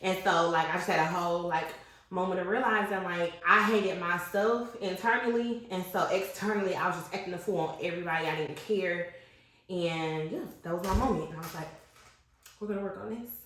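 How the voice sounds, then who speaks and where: A woman's voice: fairly low pitch, brisk, a little hiss or hum. A woman in her twenties telling a personal story in casual, slangy podcast chat. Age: 20s. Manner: animated, candid, slangy storytelling. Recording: very echoey room.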